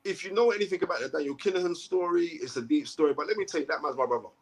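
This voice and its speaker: A man's voice: on the high side, racing. A man, a boxing commentator, talking emphatically as a guest and often checking in with "right?". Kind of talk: animated interview talk.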